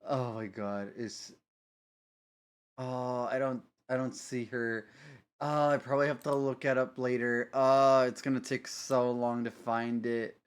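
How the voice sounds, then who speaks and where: A man's voice: medium pitch, level tone, a little slow, clear, resonant tone. A man chatting casually on a live stream, rambling and giggling, often cutting himself off mid-sentence. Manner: rambling, giggly, self-interrupting.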